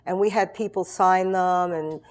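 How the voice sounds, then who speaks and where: A woman's voice: on the low side, steady tone, measured pace, darkish tone, smooth. A woman in her sixties telling her story as an interview guest, chatty and rambling, with many fillers and restarts. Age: 60s. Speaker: guest, founder of a soldier support group.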